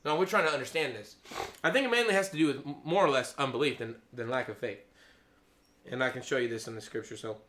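A man preaching an informal sermon, excitable, laughing, then dropping to a hushed, awed tone. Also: medium pitch, fast talker.

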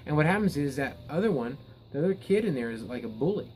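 A man's voice: fairly high pitch, expressive, fast talker, darkish tone, slight background noise, rough recording. A man preaching a Bible teaching sermon in an earnest way. He often repeats words and restarts his sentences, then rises to emphatic peaks.

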